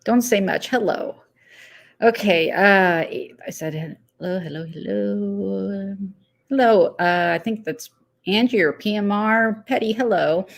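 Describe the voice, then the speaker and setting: A woman's voice: mid-range voice, measured pace. A woman hosting a casual live stream, chatting loosely, laughing easily and greeting viewers one by one by name. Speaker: livestream host.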